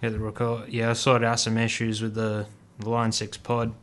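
A man's voice: on the low side, completely flat delivery, normal speed. A young man co-hosting a casual podcast chat, giving brief, laid-back and somewhat hesitant replies. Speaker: podcast co-host.

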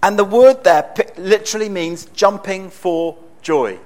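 A man preaching a sermon in a conversational, storytelling way with bursts of excitement. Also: high-pitched, unhurried.

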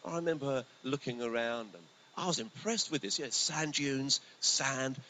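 A male pastor preaching a sermon in a conversational, storytelling way, his voice swinging between lively bursts and hushed asides. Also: mid-range voice, normal speed, rough recording. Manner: conversational, animated, often drops to a hushed voice. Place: church hall. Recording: faint hiss.

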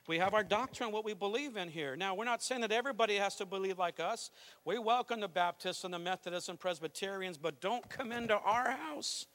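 Bright-voiced fervent preacher man. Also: sits high. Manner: fervent, conversational storytelling. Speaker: pastor. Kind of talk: Pentecostal sermon.

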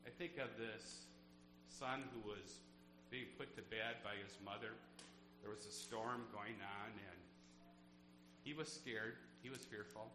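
A man preaching a sermon to his congregation as pastor, earnest and asking them questions. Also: medium pitch. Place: church sanctuary. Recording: echoey church with background hum.

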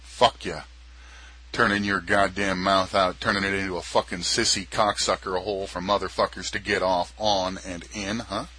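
Husky, forceful low-voiced man taunting. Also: flat delivery, moderate pace, hardly any pauses. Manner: taunting, crude and sneering, with frequent chuckles. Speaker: podcast host. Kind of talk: explicit adult audio monologue.

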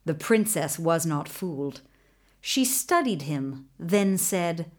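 A woman telling a folktale aloud with expressive, deliberate narration. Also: lowish voice. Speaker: storyteller. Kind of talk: folktale storytelling.

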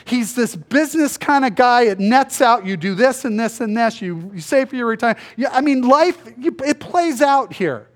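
A male pastor giving a conversational sermon, acting out the people in the story in quick voices. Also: very high-pitched, expressive. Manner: conversational, acts out biblical dialogue in voices.

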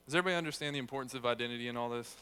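A man's voice: medium pitch, racing, bright, forceful tone, clear, resonant tone. A young man giving a casual, conversational sermon, telling stories with self-deprecating humor. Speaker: youth speaker.

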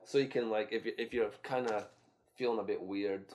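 A man co-hosting a podcast in loose, profane casual chat, now and then bursting into loud excitement. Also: on the low side, fairly quick. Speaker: podcast co-host.

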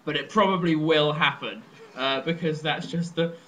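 Excitable young Englishman, bright voice. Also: a little high, normal speed, slight background noise, poor audio. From southern England. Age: young adult. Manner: excitable, jokey, bursts into loud laughing shouts. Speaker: podcast co-host. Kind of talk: casual chat.

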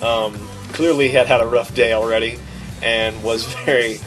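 Animated, self-deprecating male podcaster. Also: medium pitch, moderate pace, faint music behind. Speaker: podcast co-host. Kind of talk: casual storytelling chat.

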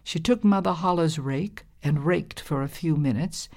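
A woman narrating a folktale in a measured, expressive storybook style. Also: sits low.

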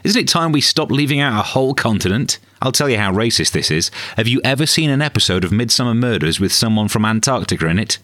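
A man's voice: medium pitch, fast talker, hardly any pauses, dry recording, clean studio sound. A man hosting a comedy podcast, delivering a sarcastic scripted monologue. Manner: deadpan, sarcastic.

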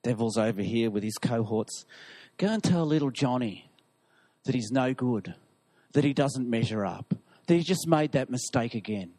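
A man voicing a scheming male devil who gives orders to his minions in a lowered, quieter voice, within a sermon. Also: lively intonation, normal speed, no room sound, close to an everyday voice. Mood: commanding. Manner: bossy, taunting orders.

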